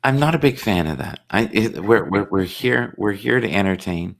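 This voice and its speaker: A man with a very low, deep voice hosts a relaxed live stream chat. He rambles, repeats words as he gets started, and drifts into absurd, playful stories. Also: moderate pace, vocal fry. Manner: joking, tells offbeat absurd stories.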